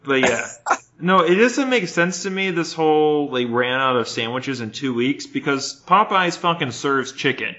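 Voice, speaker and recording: A man's voice: a little high, expressive, normal speed, bright, forceful tone, lo-fi sound, a little hiss or hum. A man from Houston co-hosting a podcast, ranting in casual banter with heavy swearing. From Houston, Texas. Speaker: podcast co-host.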